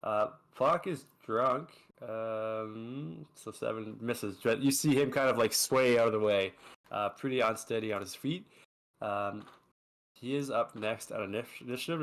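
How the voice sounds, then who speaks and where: A man running a tabletop game as its dungeon master, chatty and quick, with lots of fillers. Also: on the low side.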